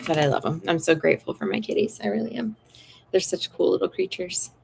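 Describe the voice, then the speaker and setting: Woman, tarot-stream host, casual chatty delivery, creaky fry. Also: on the low side, brisk, heavy background noise. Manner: chatty and apologetic, with easy laughs. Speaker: tarot reader hosting a live stream. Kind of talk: casual live-stream chat.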